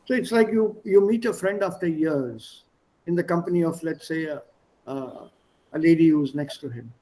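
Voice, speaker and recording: High-voiced man teaching German. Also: normal speed, mellow, poor audio. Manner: explanatory, mixes English, German and Hindi. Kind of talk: online language lesson. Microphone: video call.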